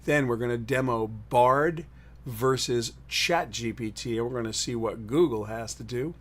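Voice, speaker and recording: Male host for a live web show, loose and chatty, greets viewers, average pitch. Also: moderate pace. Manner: rambling, greets viewers in chat. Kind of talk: upbeat live-stream chat. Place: in New York City.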